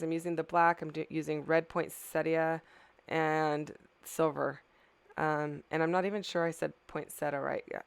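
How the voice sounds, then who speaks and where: A woman's voice: low voice, smooth, no room sound. A middle-aged woman, tired, casually narrating her scrapbooking process as a craft channel host, rambling a little and correcting herself. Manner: rambling, self-correcting, apologetic.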